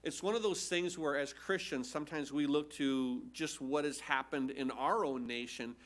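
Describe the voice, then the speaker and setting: A man's voice: on the high side, normal speed, a bit bright. A man preaching a sermon as a pastor, teaching earnestly and emphatically through scripture with rhetorical questions. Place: church.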